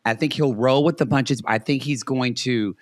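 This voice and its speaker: A man co-hosting a casual podcast, chatting in an animated way, swearing freely and often restarting his sentences. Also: medium pitch, normal speed, dry recording. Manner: animated, profane, lots of restarts. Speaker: podcast co-host.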